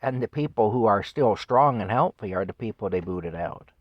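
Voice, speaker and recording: Low-voiced man in his fifties ranting. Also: expressive, moderate pace, no echo, muffled recording. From Canada. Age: 50s. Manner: indignant, scornful ranting with wry chuckles. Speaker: vlogger. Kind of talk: solo opinion rant to camera.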